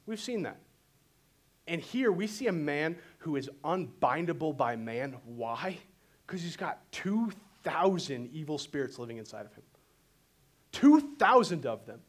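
Animated male pastor preaching. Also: on the high side, measured pace. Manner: animated storytelling, voices quotes dramatically. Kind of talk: sermon.

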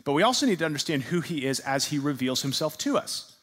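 A man's voice: fairly high pitch, big pitch swings, fast talker, fairly bright tone. A man teaching a sermon-style class. He puts questions to his listeners, repeats their answers back, and leans hard on repeated words for emphasis.

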